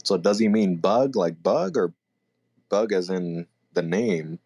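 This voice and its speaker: A man co-hosting a podcast, chatting casually about a manga chapter and thinking out loud as he goes. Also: low-pitched, lively intonation, slow, creaky. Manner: laid-back, thinks aloud, self-correcting. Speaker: podcast co-host.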